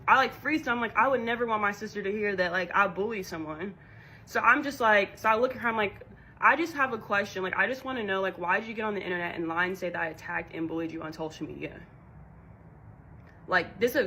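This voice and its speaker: A woman's voice: medium pitch, slight background noise, rough recording. A woman casually retelling a confrontation, animatedly acting out the dialogue. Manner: animated, acts out quoted dialogue. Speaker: storyteller recounting a confrontation. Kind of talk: casual storytelling clip.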